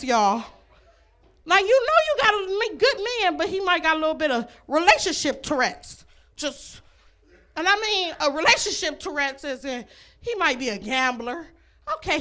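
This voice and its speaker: A woman's voice: sits high, pushed and bright. Brash bawdy woman doing stand-up. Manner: brash and bawdy, addressing the ladies in the crowd; laughs at her own jokes between lines. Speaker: stand-up comedian. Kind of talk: stand-up comedy set. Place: comedy club stage.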